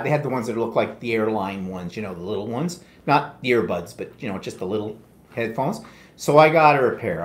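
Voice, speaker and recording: A man's voice: medium pitch, reverberant. A man co-hosting a live quilting stream, telling long rambling stories in a casual chatty way with many asides. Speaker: co-host of a live quilting show.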